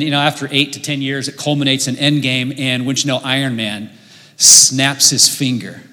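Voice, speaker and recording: A middle-aged man preaching a sermon in a church auditorium, telling stories with sudden swings between loud and quiet. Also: on the high side. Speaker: pastor. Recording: long reverb of a large hall.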